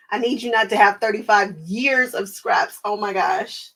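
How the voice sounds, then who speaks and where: Casting note: American woman, craft livestream host, chatty and easygoing, often laughing and pausing to think mid-sentence. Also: medium pitch, creaky, fairly bright tone. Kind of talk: casual livestream chat with viewers.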